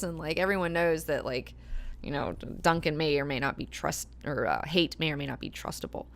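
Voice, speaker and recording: Animated, foul-mouthed woman hosting a book club. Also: low-pitched, normal speed. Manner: animated and profane, acting out characters' lines. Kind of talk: casual book club discussion.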